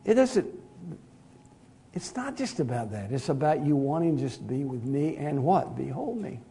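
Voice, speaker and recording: Hushed-to-booming male preacher. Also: very animated, moderate pace, slight background noise. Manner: conversational, swings from hushed to loud emphatic. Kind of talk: sermon.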